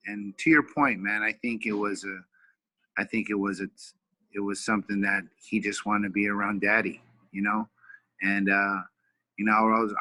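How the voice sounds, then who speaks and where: A man's voice: fairly low pitch, bright, forceful tone, dry recording, low-quality recording. A middle-aged man from California, a retired fighter and wrestling coach, earnestly telling a family story in a casual interview, full of fillers and repeated words.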